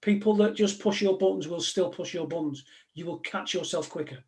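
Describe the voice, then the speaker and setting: A man's voice: high voice, a little fast, darkish tone. A man, a former police negotiator, giving a live talk to an audience in a direct, conversational way, full of anecdotes.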